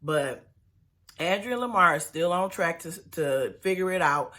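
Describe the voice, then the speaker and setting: A woman's voice: fairly low pitch, expressive, moderate pace, fairly bright tone. A woman giving a sassy, chatty recap of a reality show, with slangy asides to her viewers. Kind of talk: casual TV episode recap.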